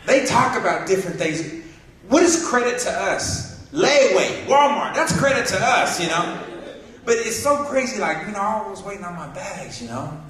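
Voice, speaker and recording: Male stand-up comic, high, lively voice, echoey hall, audible crowd. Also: moderate pace. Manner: animated storytelling, acting out other people's voices. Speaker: stand-up comedian. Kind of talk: stand-up comedy set. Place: hall with a live audience. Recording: echoey hall from far off, audience laughing.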